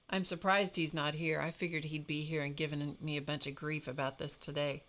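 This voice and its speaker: A woman hosting a live craft stream, chatting casually and telling an animated story to her viewers. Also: low-pitched, a little fast, few pauses. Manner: animated storytelling, greets viewers by name, frequent laughs.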